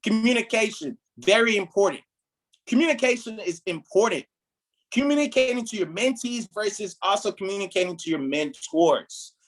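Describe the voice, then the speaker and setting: A man's voice: high-pitched, lively intonation, moderate pace, rough recording. A man leading a motivational training talk for his team as their mentor, emphatic and preachy, often checking in with "right?". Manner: emphatic, repeats "right?", preachy build-ups.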